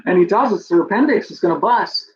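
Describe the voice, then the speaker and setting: A podcast host telling a personal story in a rambling way, full of fillers like "you know", and emotional to the point of tears. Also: male voice, high-pitched, lively intonation, fairly quick. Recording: dull lo-fi recording with faint background noise.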